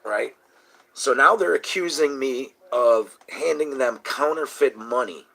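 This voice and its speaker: A man's voice: mid-range voice, measured pace, gravelly. A man telling a long, profane, indignant story in casual talk. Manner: indignant, profane, rising to shouting. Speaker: host.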